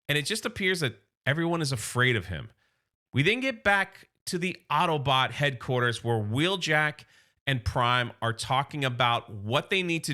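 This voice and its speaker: Very bright-voiced man recapping comics. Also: mid-range voice. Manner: chatty, narrates plot with "he's like" quotes. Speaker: comic book reviewer.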